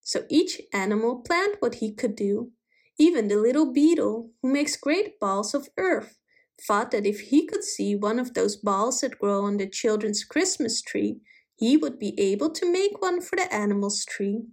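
A woman reading a children's animal story aloud, gently and slowly, putting small voices on the animals. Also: fairly high pitch, expressive. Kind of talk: storybook read-aloud narration.

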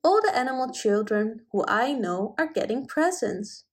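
A woman voicing a kindly old rabbit gentleman. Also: a little high, big pitch swings, moderate pace, slightly rough. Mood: cheerful. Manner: gentle storybook reading.

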